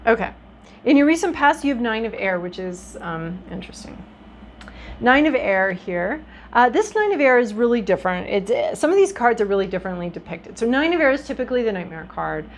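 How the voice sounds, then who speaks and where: A woman's voice: a little high, big pitch swings, a little fast, a little hiss or hum, poor audio. A woman giving a casual tarot reading to her viewers, talking in a chatty, reflective way with frequent ums and restarts. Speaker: tarot reader.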